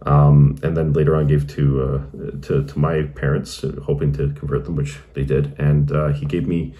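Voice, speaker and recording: A man's voice: a bass voice, flat delivery, normal speed, dark tone. A married man hosting his channel, earnestly recounting his conversion story in a casual, reflective way with many fillers and restarts. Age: adult, married. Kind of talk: casual personal testimony.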